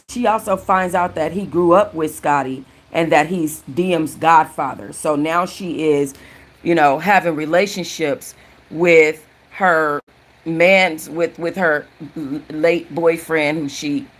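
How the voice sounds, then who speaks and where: A woman hosting a casual live-stream book chat, chatty and prone to restarting sentences. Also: sits low. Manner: chatty, restarts often, thanks viewers mid-sentence. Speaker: book channel host.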